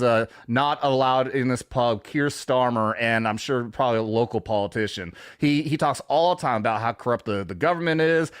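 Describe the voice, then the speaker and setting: A man's voice: mid-range voice, dry recording, studio quality. A man hosting a casual chat stream, talking in a rambling, profane way and laughing often. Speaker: show host.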